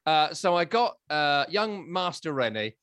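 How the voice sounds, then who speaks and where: A man hosting a football chat show, talking in a wry, animated way that swings between loud and quiet. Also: a little high, unhurried, no room sound, studio quality. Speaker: podcast host. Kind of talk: casual chat.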